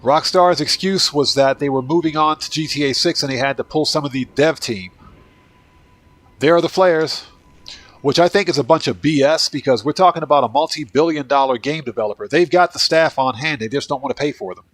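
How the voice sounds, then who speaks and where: A man's voice: fairly high pitch, fairly quick, dry recording. A man with a congested, fading voice hosting a gameplay livestream, chatting casually with viewers and thanking them by name. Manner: relaxed, talks to chat and thanks viewers by name. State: congested and losing his voice. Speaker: livestream host, gamer.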